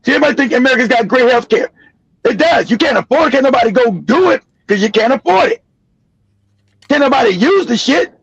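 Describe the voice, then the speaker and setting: Brief: middle-aged male host, very high husky voice with gravel, blunt and profane, laughs loud. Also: animated, quick pace, no room sound, highs cut off. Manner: blunt, profane, laughs a lot, mimics callers. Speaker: show host. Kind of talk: loud unfiltered commentary.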